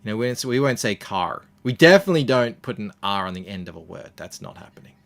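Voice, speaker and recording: A man's voice: fairly low pitch, very fast, creaky. An Australian man, a comics creator, chatting casually as an interview guest and telling stories with plenty of ums and uhs. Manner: relaxed storytelling with many fillers.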